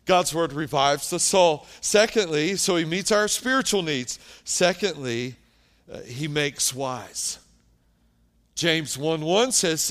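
A man preaching a sermon as pastor, animated and emphatic, dropping soft and then rising loud. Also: sits high.

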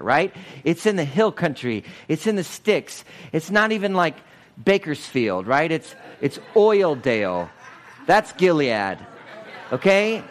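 A man preaching, animated and conversational, who keeps firing questions at his congregation. His voice sits a little on the high side, and he swings between loud, high bursts and quiet, low asides. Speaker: pastor. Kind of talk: lively teaching sermon.

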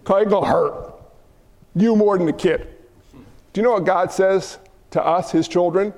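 Impassioned preacher, man, very high voice, ringing hall reverb on every line. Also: moderate pace, long pauses, a little mellow. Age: adult father of young children. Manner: impassioned, builds to emphatic outbursts. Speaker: pastor. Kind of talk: sermon. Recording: long reverb of a large hall.

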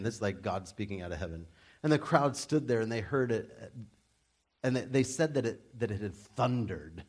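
A man preaching a sermon in a conversational, animated way, with humorous asides. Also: lowish voice, normal speed, slightly rough. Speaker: pastor.

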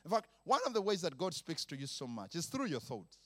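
A middle-aged man preaching a lively sermon, acting out sounds, laughing often and stretching out repeated words. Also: a little high. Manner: animated, mimics sounds, laughs often, drawn-out repetitions.

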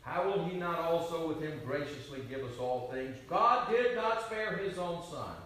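Male preacher going from loud to soft, recorded far off in a big echoey room. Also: on the high side, expressive, moderate pace. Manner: emphatic, swinging between loud declarations and quiet asides. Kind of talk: sermon. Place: retreat meeting hall.

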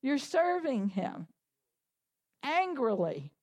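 A woman with a high voice preaches a lively sermon. She talks animatedly, laughs as she goes, and rises into fervent shouted prayer. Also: takes it slowly.

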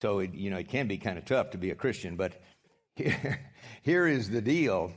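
A man's voice: lowish voice, lively intonation, normal speed, slightly rough. A man preaching a sermon as pastor, direct and emphatic, with dry sarcasm and frequent restarts.

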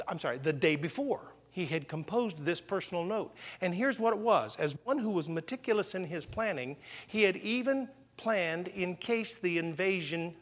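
A man preaching a sermon in a church, telling stories with lively swings between loud outbursts and hushed, slow emphasis. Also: sits high, long reverb tail. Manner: animated storytelling, swings from loud exclamations to quiet emphasis.

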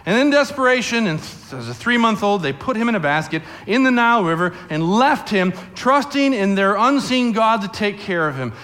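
Animated, bright-voiced male preacher. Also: sits high, moderate pace, few pauses. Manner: animated storyteller acting out voices, addressing kids. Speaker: pastor. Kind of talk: sermon to a family congregation. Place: church sanctuary.

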